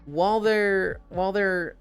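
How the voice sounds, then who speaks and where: A man chatting on a live stream, spinning profane stories with lots of swearing and a lively, animated delivery. He slips into quick put-on voices when he quotes people. Faint music plays behind him. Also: sits high, smooth. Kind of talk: casual live-stream chat.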